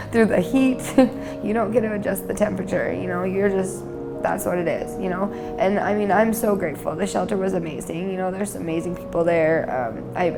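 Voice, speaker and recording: A woman's voice: medium pitch, gravelly. A young mother sharing her story in a chatty testimonial, laughing a lot and tearful at times. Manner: chatty, lots of fillers and laughs. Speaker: new resident, mother. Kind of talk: testimonial interview.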